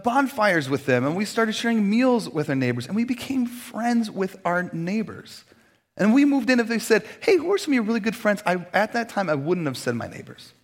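A middle-aged pastor preaches a sermon to his congregation. He tells stories in a lively way, acting out the voices he quotes. His voice sits a little high for a man. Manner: storytelling, animated, acts out quoted voices.

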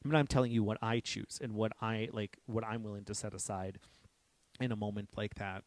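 A man's voice: on the low side, steady tone, brisk, no echo. A young man giving a casual, conversational sermon to his church, candid and self-deprecating, with frequent restarts. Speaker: pastor.

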